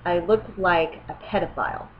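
A woman's voice: lowish voice, moderate pace, highs cut off, a little hiss or hum. A woman in her thirties telling a personal story as a vlogger, rambling, correcting herself and growing indignant. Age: 30s.

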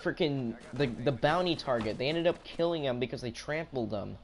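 A man's voice: medium pitch, animated, normal speed. A man giving live gameplay commentary, ranting in frustration and answering chat.

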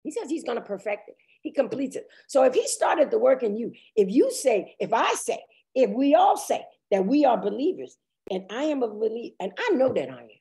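A woman preaching a sermon, tearful and impassioned, crying out at the peaks and reading scripture slowly. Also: fairly high pitch, sing-song. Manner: impassioned, cries out and shouts while preaching, reads scripture slowly.

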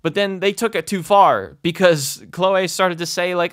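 A man's voice: high-pitched, normal speed, few pauses, fairly bright tone, dry recording, studio quality. A man talking casually about a video game, swearing often and filling his talk with "like" and "you know". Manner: profane, lots of fillers; frequent laughing asides. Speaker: game reviewer. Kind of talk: casual spoken rant.

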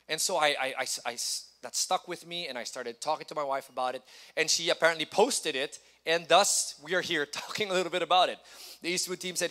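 A man's voice: a little high, brisk, sharp tone. A middle-aged man preaching a sermon, chatting with the congregation and reading scripture. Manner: conversational, interacts with the congregation. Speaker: pastor. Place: church hall.

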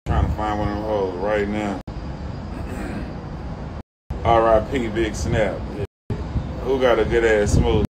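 A man's voice: fairly low pitch, level tone, slow, pauses often. A man with a Houston Texan accent, a rapper talking slangy and profane in a laid-back livestream chat from his patio. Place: outdoors on a home patio. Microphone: phone livestream. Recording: outdoor phone audio with traffic and air-conditioner noise.

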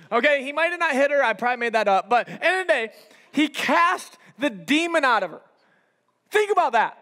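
A young man preaching to a youth group in a casual, animated way, peppered with "like" and "right?". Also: very high voice, fairly quick, long reverb tail. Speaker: youth pastor. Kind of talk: sermon.

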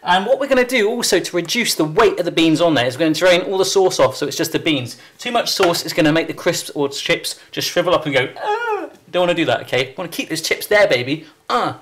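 A man's voice: fairly high pitch, lively intonation, fast talker, hardly any pauses, a bit bright. An English man hosting a casual cooking vlog from a home kitchen, chatty, jokey and upbeat. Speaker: cooking show host.

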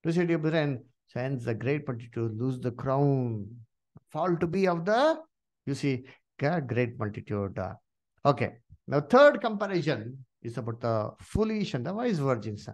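A man leads a Bible study. His pitch rises and falls in a lively way, and he keeps asking questions and leaning on "you see" and "uh" between phrases. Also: moderate pace. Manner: many "uh" and "you see" fillers, rising questions to listeners.

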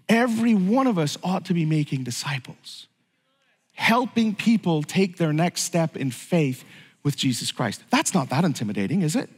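A man's voice: high-pitched, slightly rough. A middle-aged man preaching a sermon to his church, talking in a conversational way that rises to fervent exclamations. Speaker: pastor. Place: church sanctuary. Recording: long reverb of a large hall.

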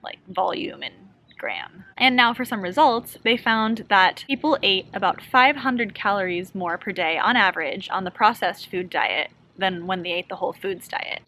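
A woman with a bright, crisp voice explains a science study in a casual, enthusiastic way. She talks quickly and keeps her energy up throughout. She is speaking outdoors from a hammock at a middle pitch. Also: low-quality recording. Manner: fast talker, animated and enthusiastic. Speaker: PhD researcher explaining a study.

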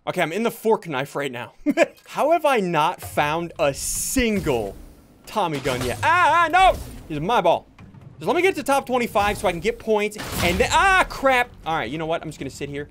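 A young man giving jokey, excitable commentary while playing a video game. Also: on the high side, a little hiss or hum. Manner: excitable, jokey, yelps and laughs mid-play. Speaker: gaming channel host. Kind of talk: live gameplay commentary.

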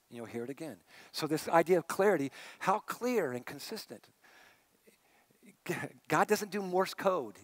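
High-voiced middle-aged man preaching. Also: no room sound. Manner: conversational preaching, swinging between hushed and emphatic. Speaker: pastor. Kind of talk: sermon.

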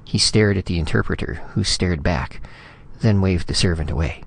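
A man narrating a science fiction story in a steady, measured reading. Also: deep voice, gravelly, breathy edge. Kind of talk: scripted audiobook narration.

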